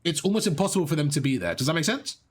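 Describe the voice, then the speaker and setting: This gaming coach has a fairly high, sing-song voice with a breathy edge, and he talks rapid-fire. During live gameplay he encourages the player, explains step by step, and frequently repeats his points.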